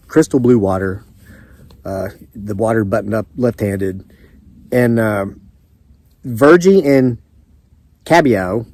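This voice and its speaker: A man's voice: medium pitch, darkish tone, no room sound. A man with a Southern US accent, chatting in a rambling, storytelling way as a homesteading vlogger. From American South. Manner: rambling, chatty, frequent restarts and asides. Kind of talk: casual storytelling to camera.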